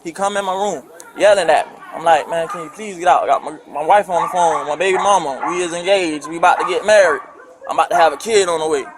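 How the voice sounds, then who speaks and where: A young man, telling police his side of a fight on bodycam, rambling and restarting often. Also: on the high side. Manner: rambling, halting, many restarts. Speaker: complainant talking to police. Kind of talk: bodycam conversation. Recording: bodycam audio with crowd noise.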